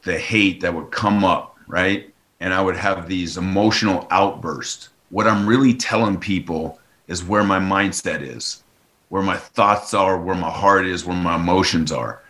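A former pitcher in an interview, telling animated stories and acting out the dialogue in them. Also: male voice, moderate pace. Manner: animated storytelling, acts out quoted dialogue. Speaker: former baseball pitcher, author.

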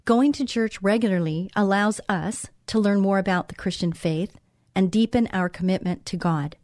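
A woman's voice: medium pitch, moderate pace, darkish tone, no echo, studio quality. A woman hosting a Christian talk show, speaking in an encouraging, conversational way and repeating phrases for emphasis. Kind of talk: devotional talk show monologue.

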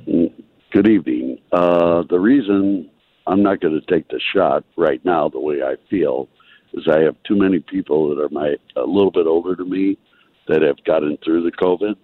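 Deep-voiced man calling in on a tinny line. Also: no echo. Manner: halting, thinking aloud. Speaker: caller. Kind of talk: call-in opinion.

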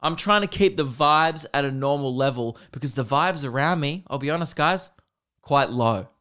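Pitched on the high side, his voice is expressive, pushed and bright, with a clear, resonant ring at a moderate pace. He's an Australian podcast host spinning comedic tales in a casual, joking style right to his audience on a close mic.

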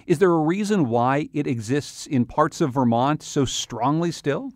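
A man's voice: on the high side, lively intonation, unhurried, no echo, studio quality. A man hosting a radio interview, asking curious questions. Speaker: radio host.

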